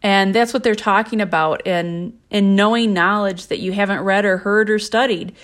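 A woman hosting a spiritual podcast, speaking in a calm, gentle and measured way as she reads from her own book. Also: medium pitch. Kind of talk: slow reflective spiritual talk.

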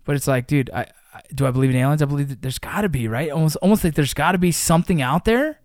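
A man with a slightly raised voice tells a story in casual podcast chat. He curses freely and flares into shouts at the tense moments. The sound is dry and close to the mic. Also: fairly high pitch, fast talker, dry recording. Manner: animated, profane, shouts during exciting moments. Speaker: podcast host.

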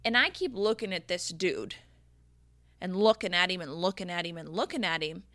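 A young woman rattles through an exasperated storytime rant, animated and full of casual swearing. Her voice is bright and forward, recorded close and dry with no room sound. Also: lowish voice, normal speed, dry recording. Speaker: vlogger telling a story.

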